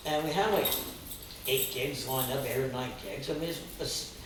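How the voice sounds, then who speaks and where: A man's voice: mid-range voice, moderate pace. An older man, a guest songwriter and guitarist, chatting casually and rambling, with many restarts and fillers. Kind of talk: casual chat, storytelling. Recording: echoey room, distant mic, faint noise.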